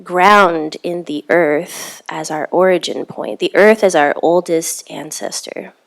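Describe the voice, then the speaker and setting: A woman's voice: fairly low pitch, takes it slowly, vocal fry. Reflective woman neuroscientist on a panel. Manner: conversational, ends points with "right?". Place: panel event in a university learning theater.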